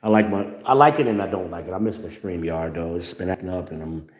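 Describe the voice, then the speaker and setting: A man's voice: low voice, fast talker. A man hosting a livestream, talking bluntly and profanely to viewers at home in a preachy tone and calling for amens. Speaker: livestream host. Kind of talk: casual profane monologue to viewers. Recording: roomy echo.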